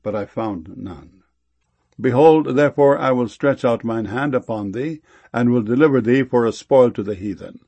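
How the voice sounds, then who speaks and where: Man, solemn scripture reading, gravelly, husky, measured delivery. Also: mid-range voice, a little mellow. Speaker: scripture reader.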